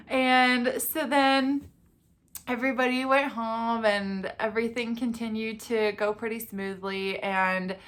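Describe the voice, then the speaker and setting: A woman's voice: a little high, a bit bright. Chatty young woman telling a story. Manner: chatty, peppered with "like" and "you know". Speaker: vlogger. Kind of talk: casual storytelling.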